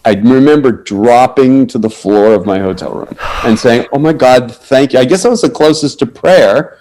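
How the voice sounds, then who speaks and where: A man's voice: mid-range voice, normal speed, hardly any pauses, warm tone, low-quality recording. A man as a podcast guest, telling a long anecdote with laughs and frequent self-corrections. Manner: storyteller who acts out quoted voices, with laughs and self-corrections.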